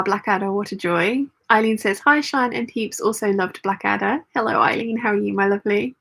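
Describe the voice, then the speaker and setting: A woman's voice: medium pitch, fairly bright tone. A woman hosting a sewing live stream, reading viewer comments aloud and chatting back casually as she sews. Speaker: sewing channel host.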